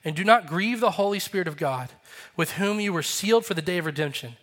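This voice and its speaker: A man's voice: sits high, lively intonation, fast talker, a bit bright. A man in his thirties, a pastor, preaching a sermon in an earnest, confessional way and acting out the voices he quotes.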